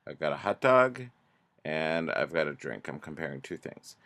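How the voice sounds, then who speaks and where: A man teaching a grammar lesson, explaining slowly and patiently with pauses and restarts. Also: a bass voice, big pitch swings, a bit bright.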